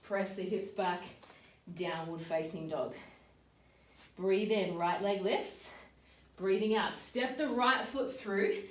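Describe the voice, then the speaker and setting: A woman leading a yoga and strength workout, calmly cueing each move and breath. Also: mid-range voice, takes it slowly, pauses often, distant mic. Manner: calm step-by-step cueing with breath counts. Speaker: fitness and yoga instructor. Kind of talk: guided workout instruction. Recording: roomy sound, voice off-mic.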